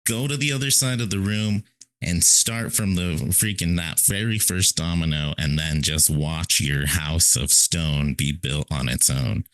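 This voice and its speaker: Very deep-voiced man musing on a podcast. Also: a little slow, fairly bright tone, no room sound. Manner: rambling, emphatic, repeats "right?". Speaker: podcast co-host. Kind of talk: casual philosophical chat.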